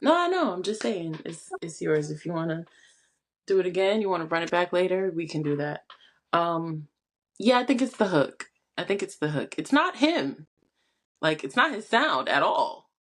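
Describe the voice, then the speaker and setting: A woman's voice: fairly low pitch, very animated, moderate pace. A woman co-hosting a podcast in casual chat, hedging her opinions with frequent restarts and fillers. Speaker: podcast co-host.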